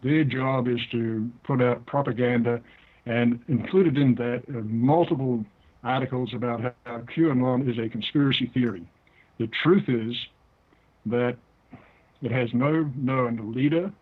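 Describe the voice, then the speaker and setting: An older man with a New Zealand accent speaks in a deliberate, explaining way, as a guest being interviewed. His voice sits at an ordinary pitch for a man. It comes through a narrow, tinny phone line. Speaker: guest author.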